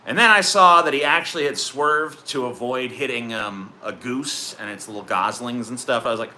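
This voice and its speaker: A man's voice: mid-range voice, moderate pace, hardly any pauses, bright, forceful tone, slight background noise. A man streaming live, chatting in a profane, sarcastic, rambling way as he answers his chat. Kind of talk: casual livestream chat.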